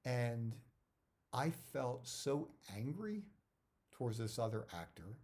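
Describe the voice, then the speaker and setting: A man's voice: medium pitch, sing-song, takes it slowly, a little mellow. A middle-aged man, an actor, giving career advice in a casual talk that rambles, repeats words and drifts off topic.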